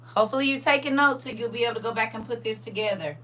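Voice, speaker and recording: Talking rapid-fire in a raspy, slightly high and a bit bright voice, a middle-aged woman runs a casual online Bible study. She's chatty, frequently laughing and speaking directly to the people listening.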